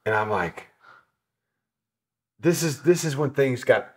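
Animated man telling a road-trip story. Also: medium pitch, slow pace. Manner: animated, swearing, acts out quotes. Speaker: motorcycle traveler telling his trip. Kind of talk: casual storytelling interview.

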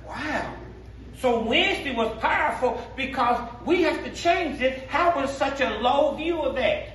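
A male pastor with a Black speech pattern preaches in a call-and-response style, his high voice climbing into shouts. He sounds set back from the microphone, and the sanctuary echoes around every line. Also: lively intonation, moderate pace, distant mic, a little hiss or hum. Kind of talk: sermon. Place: church sanctuary.

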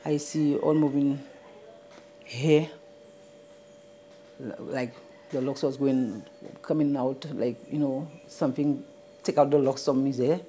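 A person with a Saint Lucian accent describing a body in halting, hesitant speech. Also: mid-range voice, fairly even intonation, warm tone, a little hiss or hum. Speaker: witness interviewee. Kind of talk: emotional testimony.

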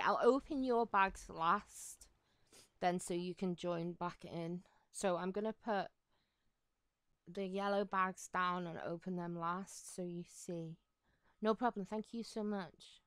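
A woman chatting casually on a game live stream, excitable and giggly, with lots of likes and ums. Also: medium pitch, no echo. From United Kingdom.

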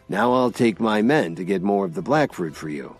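A man voicing a serious middle-aged gang leader who speaks slowly and ominously. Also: fairly low pitch, expressive, breathy edge, faint music behind. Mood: grave. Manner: slow, grave, ominous.

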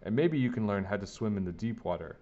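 A caring mother calling out with gentle coaxing, as a man reading a storybook puts her on. Her voice is lifted a little and lively, heard on a slightly muffled recording. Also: lowish voice, fast talker, natural voice. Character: caring mother of a young boy.

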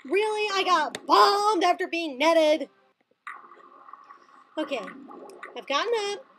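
A young woman commentating her own gameplay at home, melodramatic and whiny, often yelling in frustration. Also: very high voice, lively intonation, slow pace, slight background noise. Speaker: let's play gamer.

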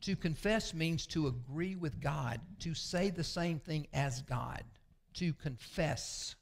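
A man, a pastor preaching a sermon with folksy, confessional storytelling that often sinks to a low murmur. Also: slow pace, creaky. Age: 60s.

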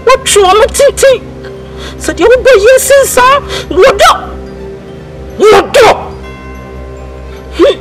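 A heartbroken, lamenting man, high-voiced and sweeping in tone. He scolds and mourns with passion. A loud film score plays behind him. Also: expressive, slow, long pauses, heavily acted, poor audio. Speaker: film character. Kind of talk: emotional dramatic monologue. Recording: movie dialogue over loud music score.

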